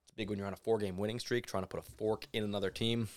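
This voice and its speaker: A man with a somewhat low voice co-hosting a sports podcast. He talks casually and with opinions, and he gets animated when he makes his case. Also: rapid-fire. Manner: animated, opinionated, mimics people in asides. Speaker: podcast co-host.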